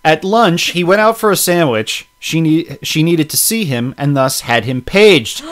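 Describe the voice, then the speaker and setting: A man co-hosting a comedy podcast, reading out crime stories with animated outrage, swearing and laughing. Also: a little high, unhurried, hardly any pauses. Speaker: podcast co-host. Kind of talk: casual comedic podcast chat.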